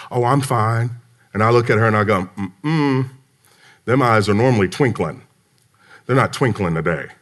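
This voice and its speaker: A man giving a motivational leadership talk to a live audience, an animated storyteller who acts out dialogue with emphasis. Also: mid-range voice. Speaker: business speaker. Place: conference hall.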